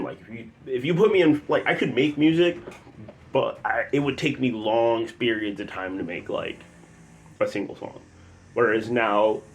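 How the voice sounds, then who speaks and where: Speaking low against slight background noise, a young Chicago-area man tells a personal story in a casual, meandering way. Fillers pepper his speech, and every so often he launches into loud, performed quotations.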